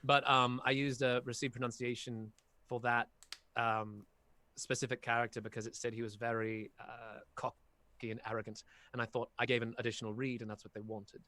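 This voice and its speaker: A man's voice: medium pitch, a little fast. A man, a voice actor, talking casually and animatedly at an online workshop, telling long stories from his work. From half Filipino heritage. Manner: animated, talkative storyteller. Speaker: voice actor guest.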